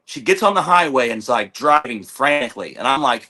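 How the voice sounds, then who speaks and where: A young man recounts a chaotic day as a podcast guest, his voice bright and forward. He rambles, swears freely and acts out what everyone said. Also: medium pitch, animated, quick pace, few pauses. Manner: rambling, profane, retells with quoted dialogue. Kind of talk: casual storytelling in a podcast chat.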